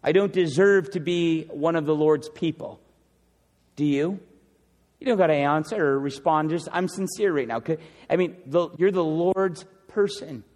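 A man preaching a sermon, earnest and pleading, dropping from loud, fast lines to hushed ones. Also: on the high side, big-room sound.

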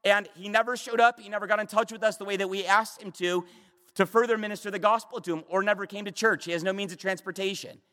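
A man delivers a fervent sermon in a strikingly high voice, leaning hard into emphatic declarations and falling to quiet asides. His words trail off into a long, echoing hall reverb. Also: fairly even intonation, fast talker. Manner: fervent, emphatic, swinging between loud and hushed. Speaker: preacher.

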